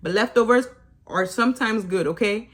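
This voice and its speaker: A woman's voice: medium pitch, moderate pace. A woman recapping a reality show in a casual, opinionated way, teasing and laughing often and mimicking people in sarcastic asides. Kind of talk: casual episode review.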